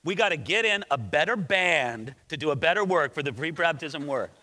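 A pastor playing an imagined ancient preacher who talks in breezy modern slang about drawing crowds. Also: male voice, animated, moderate pace, sharp tone. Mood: scheming. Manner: low, breezy, mock-casual. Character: scheming ancient male preacher chasing crowds, casual slang.

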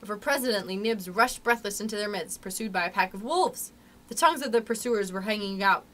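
A young adult woman, a librarian, reading a story aloud to children in an expressive, animated way. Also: medium pitch, a little fast.

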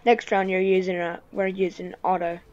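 A woman giving casual gameplay commentary, grumbling and reacting excitably to the game. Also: fairly low pitch, normal speed, a little hiss or hum. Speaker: gamer. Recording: dull lo-fi recording.

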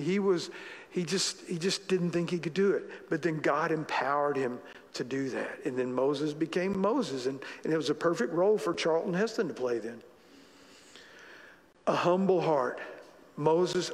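A man's voice: a little high, long reverb tail. A man preaching a sermon as pastor, talking conversationally and repeating phrases for emphasis. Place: church sanctuary.

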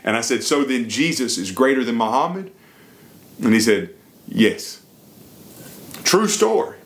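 Animated Southern preacher man. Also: medium pitch, normal speed. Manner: earnest, animated retelling of a conversation. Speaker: pastor. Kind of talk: sermon storytelling.

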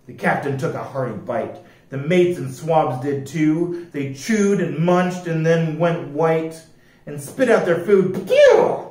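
A man reading picture books aloud as library storyteller, with a slow, lively rhyming delivery. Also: on the high side. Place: library room. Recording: echoey room, distant mic.

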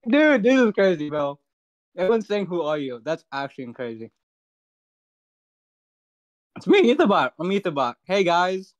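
A man's voice: sits high, lively intonation, moderate pace, dry recording, lo-fi sound. A young man filling in on a live stream as the streamer's friend, flustered and joking to himself. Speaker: streamer's friend covering the chat. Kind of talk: casual live-stream chat.

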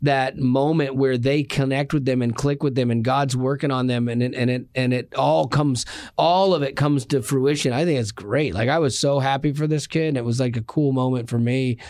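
A man's voice: medium pitch, moderate pace, dry recording. A man hosting a casual talk show, with a mid-range voice. He tells stories loosely, with fillers and restarts, and livens up when he quotes people. The sound is dry and close. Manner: storytelling, animated when quoting. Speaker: host.

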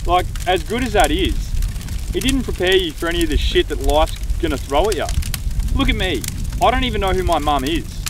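A man's voice: a little high, distant mic, background noise, lightly acted. A man playing a crude, cocky young Australian bloke with an Australian accent who swears constantly, outdoors by the water. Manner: crude, swearing, laid-back bravado.

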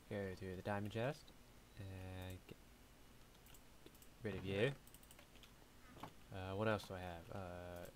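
A young man with a fairly low voice gives casual let's-play commentary as a gaming YouTuber. He chats, talks to himself, and hums and mutters while he plays. A slight hiss or hum is audible.

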